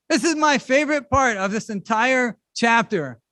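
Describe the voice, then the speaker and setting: A middle-aged man preaching a sermon in a conversational, animated way with casual asides. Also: very high-pitched, moderate pace, hardly any pauses, no room sound. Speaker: pastor. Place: church service.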